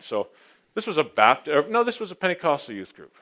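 A man's voice: fairly high pitch, big pitch swings, fast talker. Man preaching a dynamic sermon. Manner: personal testimony, dynamic, swings from hushed to loud. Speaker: pastor.

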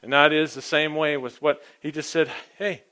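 A man preaching an informal, rambling sermon, often clearing his throat and swinging between loud emphasis and near-quiet asides. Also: on the high side, little pitch movement, moderate pace.

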